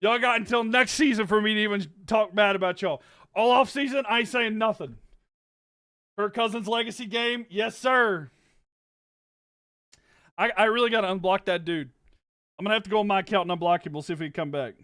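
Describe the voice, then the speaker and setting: A young man with a high, bright voice whoops and hollers on a live stream. His voice has gone hoarse from yelling, and between the shouts he talks loosely to his chat. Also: brisk, pauses often. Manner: yells and hypes, then talks to chat casually. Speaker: streamer reacting to a football game. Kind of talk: excited live-stream reaction.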